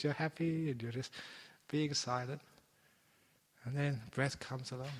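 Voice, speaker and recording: A man giving a gentle, playful meditation talk as a teacher, slowing down for emphasis. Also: medium pitch, steady tone. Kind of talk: dharma talk. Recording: long hall reverb.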